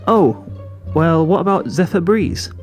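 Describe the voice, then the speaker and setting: A man's voice: on the high side, animated, a little slow, soft background music, pitched above the performer's own voice. A man reading a fan story, voicing a cheerful, oddly formal female kirin. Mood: bubbly. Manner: bubbly, formal and rambling. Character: cheerful, odd-talking female kirin mare.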